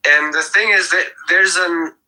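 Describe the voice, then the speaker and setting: A man calling in to a talk show, speaking hesitantly with many pauses and restarts. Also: on the high side, fairly even intonation, bright, forceful tone, faint music behind, low-quality recording. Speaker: room moderator and regular caller. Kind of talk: casual call-in discussion.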